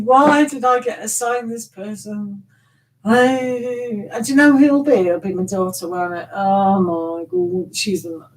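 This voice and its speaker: A woman's voice: medium pitch, rough recording. A middle-aged woman chatting casually with viewers as a tarot reader on a live stream, rambling and teasing with laughs.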